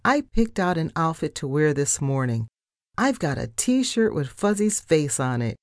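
A woman voicing an excitable male mouse boss who shouts his demands. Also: deep voice, a little slow, dry recording, clean studio sound. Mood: happy. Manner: loud, demanding, shouting orders. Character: excitable male mouse, a stuffy editor turned trendy.

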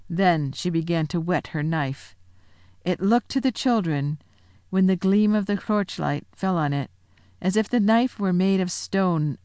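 Brief: female audiobook narrator, slightly low, dramatic storytelling, dry sound. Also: a little mellow, no room sound. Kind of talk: storybook reading aloud.

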